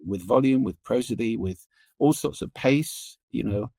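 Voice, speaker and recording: A middle-aged man, a podcast guest, explaining listening and voice in an animated, expressive way that shifts pace and pitch for emphasis. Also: moderate pace, gravelly, husky, dry recording. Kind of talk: interview conversation.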